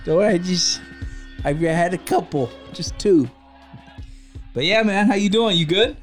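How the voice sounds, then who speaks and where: A man's voice: high voice, unhurried, faint music behind. A man in his forties hosting a casual podcast, joking and reminiscing in a loose, slightly tipsy way. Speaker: podcast host.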